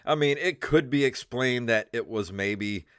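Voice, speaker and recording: A man's voice: mid-range voice, a little slow, fairly bright tone, smooth, no room sound, clean studio sound. A man hosting a casual comedy podcast, rambling with fillers and laughing often. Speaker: podcast co-host.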